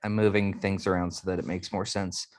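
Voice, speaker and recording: A man's voice: low voice, flat delivery, brisk, a crowd in the background. A man narrating as game master of a tabletop game, easygoing and full of fillers.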